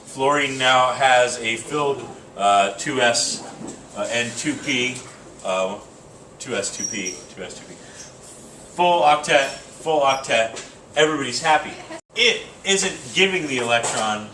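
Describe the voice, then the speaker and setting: A male teacher lectures a class in a loose, joking way, thinking aloud with filler sounds. His voice is bright and forceful. It is picked up from a distance in an echoing classroom with faint room noise. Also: mid-range voice, expressive, a little slow. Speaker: chemistry teacher.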